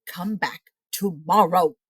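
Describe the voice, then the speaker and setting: A woman voicing a vain, boastful male dragon in a storybook, speaking loud and slow. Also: on the low side, slightly rough, dry recording, exaggerated voice.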